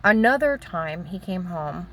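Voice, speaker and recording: A woman's voice: lowish voice, lively intonation, fairly bright tone, a little hiss or hum. An older woman giving a rambling, emotional personal testimony about her own life. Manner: rambling, emotional, halting storytelling.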